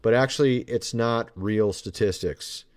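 A man's voice: lowish voice, unhurried, darkish tone. A man hosting his own podcast, talking in a loose, rambling way and turning sarcastic often. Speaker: podcast host. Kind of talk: casual commentary monologue.

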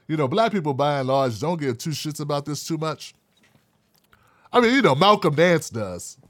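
A man's voice: a little high, big pitch swings, measured pace, long pauses, a bit bright, no echo. A man hosting his own online commentary show, talking in a sarcastic, mocking and profane way. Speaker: independent media commentator.

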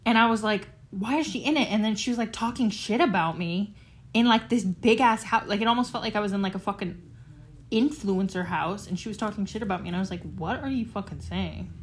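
A woman's voice: medium pitch, steady tone, fast talker, a little hiss or hum. Chatty, swearing teenage girl. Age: teens. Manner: chatty, swears often, lots of fillers. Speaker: podcast host. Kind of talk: casual solo chat.

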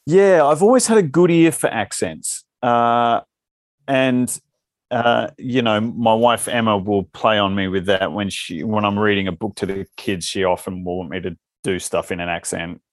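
Low-voiced Australian man, dry sound. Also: normal speed, dry recording. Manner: loose, rambling answers that circle back on themselves. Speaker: actor guest. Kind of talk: casual interview chat.

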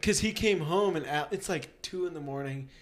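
A young man hosting a podcast, talking casually and laughing his way through stories. His voice sits a little on the high side, and he jumps into quick impressions of other people as he tells them. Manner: laughing, animated storyteller who acts out voices. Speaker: podcast host. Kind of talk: casual chat.

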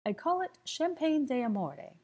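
A woman's voice: high-pitched, very animated, moderate pace, mellow, pitched above the performer's own voice. A woman reading aloud and voicing a flamboyant young man who mixes cocktails, playful and theatrical. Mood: playful showman.

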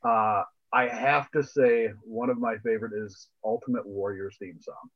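A man's voice: lowish voice, fairly even intonation, normal speed, highs cut off. A man co-hosting a podcast in casual chat, laid-back and repeating phrases while he thinks. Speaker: podcast co-host.

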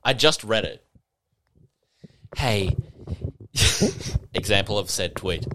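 A man's voice: fairly low pitch, animated, slow, pauses often, sharp tone, a little hiss or hum. A man hosting a casual solo podcast, ranting with swearing and mocking impressions, a bit tipsy. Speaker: podcast host.

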